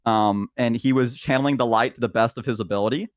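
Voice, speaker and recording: A man's voice: mid-range voice, quick pace, dry recording, clean studio sound. A young man in casual conversation as a stream guest, recounting a tabletop game story in a rambling, filler-heavy way.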